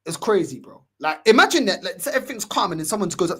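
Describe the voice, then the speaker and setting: A young man, co-hosting a casual podcast chat and telling stories with lively acted-out quotes. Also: high voice, racing, husky. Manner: animated storytelling, acting out quotes, laughs often. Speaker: podcast co-host.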